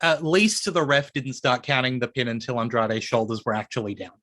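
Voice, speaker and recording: A man's voice: mid-range voice, a little fast, pushed and bright, dry recording, studio quality. A man hosting a wrestling podcast, upbeat and presenter-like in casual chat. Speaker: podcast host.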